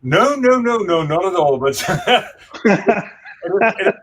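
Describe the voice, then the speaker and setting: A man's voice: high voice, very animated, a bit bright, breathy edge. A man tasting whisky on a video call, stammering and restarting his sentences. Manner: halting, stammering. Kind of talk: casual chat.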